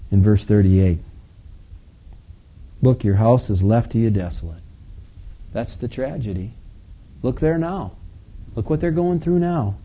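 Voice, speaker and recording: A man preaching a sermon, reading scripture aloud and swinging between quiet asides and loud, forceful passages. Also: medium pitch. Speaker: pastor.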